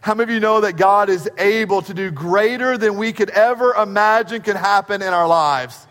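A man preaching a sermon as pastor, emphatic, slowing right down to stress key phrases and asking the congregation questions. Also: sits high, a bit bright, clean tone. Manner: asks the congregation rhetorical questions. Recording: long reverb of a large hall.

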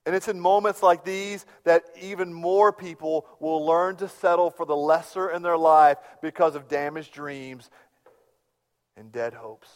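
A middle-aged man preaching a sermon as a pastor, telling stories with big swings from hushed to loud. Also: fairly high pitch, a little slow. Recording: long hall reverb.

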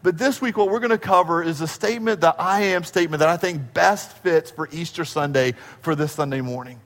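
A man, a pastor, preaching a sermon and telling a story, acting out the dialogue with shifts in pace and loudness. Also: a little high, fairly quick. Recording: long hall reverb.

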